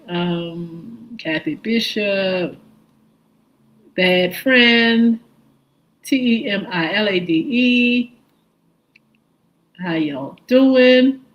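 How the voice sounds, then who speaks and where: A woman's voice: on the low side, fairly even intonation, low-quality recording. A woman hosting a live morning show stream, greeting viewers one by one and spelling out their usernames. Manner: slow, warm greetings, spelling out viewer names.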